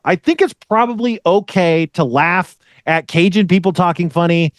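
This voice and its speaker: A man's voice: high voice, fairly quick, hardly any pauses, no room sound, clean studio sound. A man hosting a podcast in casual chat, rambling and swearing as he rants. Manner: rambling, profane, ranting. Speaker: podcast host.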